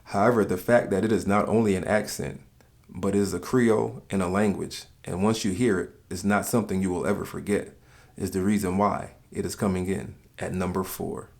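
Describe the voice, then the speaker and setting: A man narrating in a calm, measured, scripted way, explaining things to the listener. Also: low voice, vocal fry.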